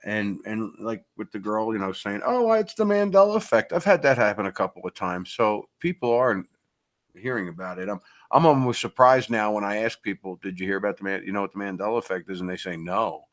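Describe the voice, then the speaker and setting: A man speaking as a guest in a casual online chat, relaxed and agreeable, chuckling now and then. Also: lowish voice, fairly quick.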